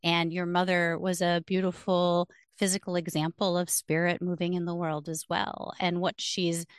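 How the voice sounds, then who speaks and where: A woman hosting a podcast, talking in a calm, measured way about spirit and connection. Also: fairly low pitch, clean tone, no echo, clean studio sound. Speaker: podcast host. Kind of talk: reflective spiritual conversation.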